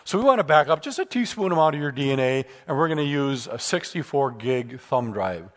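A man giving a lecture with slides at a seminar, animated and telling humorous stories. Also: mid-range voice, fairly quick. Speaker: speaker at a seminar.

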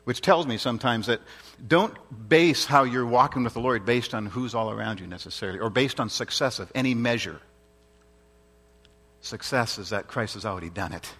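A man's voice: medium pitch, normal speed, fairly bright tone. A man preaching a sermon in an earnest, emphatic way, repeating his points and asking rhetorical questions.

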